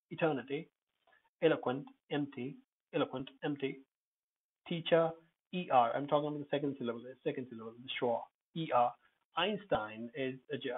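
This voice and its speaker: A man teaching English pronunciation, repeating each word slowly and spelling out its letters. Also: medium pitch, breathy edge, phone-quality sound. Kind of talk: pronunciation lesson.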